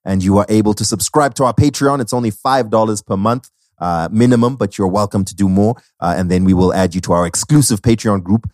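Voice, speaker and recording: A man's voice: fairly low pitch, brisk, no room sound, studio quality. A man co-hosting a podcast, wrapping up the episode with playful plugs and jokes. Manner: playful, lively, joking. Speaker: podcast co-host.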